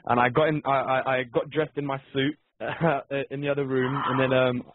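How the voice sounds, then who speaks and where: A young man with a London accent, a musician answering interview questions by phone, halting and hesitant with many ums. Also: medium pitch, little pitch movement, background noise. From England. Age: young adult. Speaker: musician guest. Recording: dry tinny phone line.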